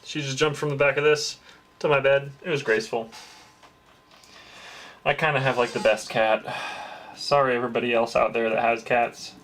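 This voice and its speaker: Crafting stream host, male, mid pitch, loose and chatty, talks to chat as he works. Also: flat delivery, brisk, fairly bright tone. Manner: chatty, reads and greets chat, swears lightly. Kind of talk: casual livestream chat.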